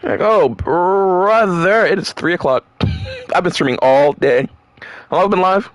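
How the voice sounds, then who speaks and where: A man's voice: a little high, animated, moderate pace, dry recording. A man streaming a game live, rambling animatedly, laughing often and swearing freely.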